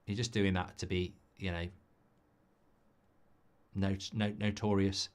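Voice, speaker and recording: A man from England hosts a live football watchalong, chatting with viewers in a sweary, cynical, rambling and animated way. His voice is deep and he speaks slowly.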